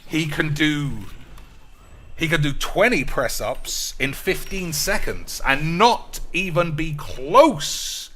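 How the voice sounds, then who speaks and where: A man's voice: fairly high pitch, animated, takes it slowly, a bit bright, a little hiss or hum. A man giving crude, ranting, mock-boastful commentary over his own gameplay. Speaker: gaming streamer.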